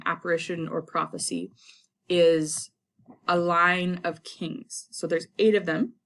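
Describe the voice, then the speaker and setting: A woman's voice: sits low, a bit bright. A woman teaching a lesson in a chatty, casual way, retelling the story in everyday slang. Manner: chatty, paraphrases characters in slang.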